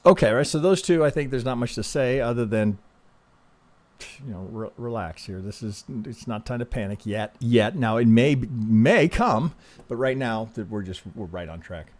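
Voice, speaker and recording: A man walks through market charts in an easy, conversational way. He sounds calm and reassuring, stumbling over and restarting his words, and keeps tagging his points with "right?". His voice sits at an ordinary middle pitch for a man. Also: normal speed. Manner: conversational, frequent restarts, ends thoughts with "right?". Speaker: trading analyst host. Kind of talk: casual chart analysis commentary.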